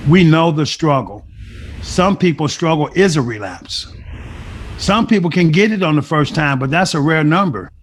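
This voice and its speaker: A middle-aged man with a somewhat high voice tells his recovery story to an interviewer. He talks with emphasis, like a testimony, and slips into the voices of people from his past as he retells their words. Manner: emphatic storytelling, acting out remembered dialogue. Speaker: guest sharing a recovery story. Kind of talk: personal testimony.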